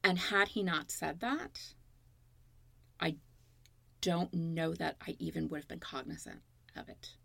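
Gravelly, earnest woman guest. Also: low-pitched, measured pace, long pauses, sharp tone, dry recording. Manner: emotional, earnest, storytelling. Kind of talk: candid interview conversation.

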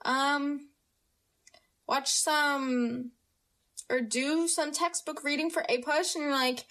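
A woman's voice: sits high, expressive, unhurried, fairly bright tone. A teenage American girl hosting a podcast, chatting casually about school with plenty of fillers and self-mocking asides. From United States. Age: teens. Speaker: podcast host. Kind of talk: casual solo podcast chat.

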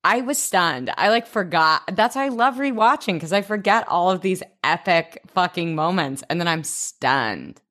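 A woman with a low voice co-hosts a casual podcast. She recaps a TV episode in loose, chatty talk, swears freely and slips into the characters' lines as she tells it. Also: expressive, normal speed, a bit bright. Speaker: podcast co-host.

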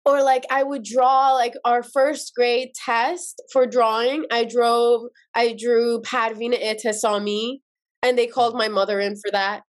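A woman from Iran in her thirties sits as a guest on a podcast and recounts memories. She talks in a lively, rapid way, scattering "like" through her sentences. Her voice sits a touch high for a woman. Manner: lively, quick, frequent "like" fillers. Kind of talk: animated personal storytelling in a podcast interview.

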